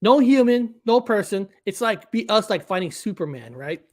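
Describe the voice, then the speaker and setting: A man's voice: high-pitched, sing-song, normal speed. A man hosting and explaining his own cartoon, speaking in a rambling way with frequent restarts. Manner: rambling, with many restarts and repeated words. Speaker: cartoon creator and host. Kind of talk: casual commentary.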